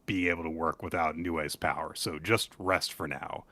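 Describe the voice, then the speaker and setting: A man voicing a calm, matter-of-fact female exorcist ally in a casual recap. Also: moderate pace, no room sound. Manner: low, quiet, matter-of-fact.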